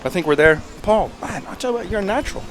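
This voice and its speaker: A man commenting live on a race in a chatty, self-deprecating way, with excitable bursts. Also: high-pitched, quick pace. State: a little out of breath.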